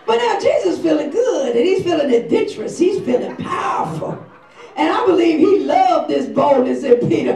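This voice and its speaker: A woman pastor preaching a lively sermon, telling the story with slangy acted-out quotes and often shouting. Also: very high voice, moderate pace, a faint crowd. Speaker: senior pastor. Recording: echoey church hall from far off.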